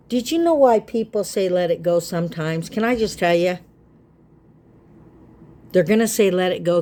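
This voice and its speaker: A woman's voice: on the low side, warm tone. Earnest middle-aged woman talking to camera. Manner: earnest, repetitive, rambling. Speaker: vlogger. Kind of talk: casual talk to camera.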